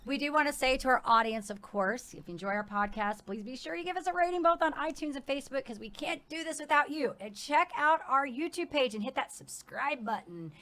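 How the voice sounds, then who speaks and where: A woman's voice: high-pitched, expressive, brisk, few pauses, fairly bright tone, a little hiss or hum. A woman co-hosting a podcast, gushing and effusive as she thanks her guest. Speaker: podcast co-host. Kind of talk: casual podcast chat.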